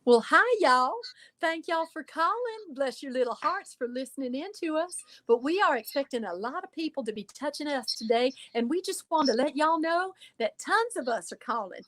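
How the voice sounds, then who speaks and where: A woman's voice: high voice, expressive, moderate pace, fairly bright tone, pitched above the performer's own voice. A woman putting on a syrupy Southern belle receptionist. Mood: sweet. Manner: syrupy drawl, folksy.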